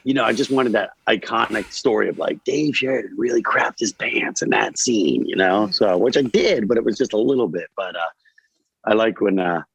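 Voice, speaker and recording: A man from Delaware, a guest actor in a casual podcast chat, rambling and animated with lots of fillers. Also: on the low side, moderate pace, creaky, husky, poor audio. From Delaware, USA.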